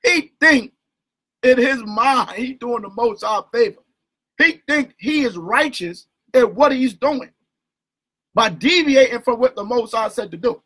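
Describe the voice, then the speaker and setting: A man hosting an informal call-in bible study. He talks in an animated, slangy way and keeps asking "right?". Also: extremely high pitch, low-quality recording. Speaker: bible teacher and host.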